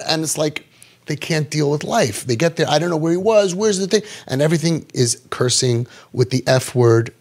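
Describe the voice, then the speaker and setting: Animated man coaching parents. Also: mid-range voice, breathy edge. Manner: animated storytelling, rhetorical questions to the room; repeats words, restarts sentences. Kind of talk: talk to a live audience.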